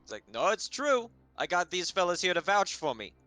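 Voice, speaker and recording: A man's voice: high-pitched, sing-song, a little fast, pushed and bright, no echo, soft background music, voice pushed up, full character voice. A man voicing a cocky male detective in a tabletop game, with a put-on New Jersey accent and swaggering, emphatic delivery. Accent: mock New Jersey.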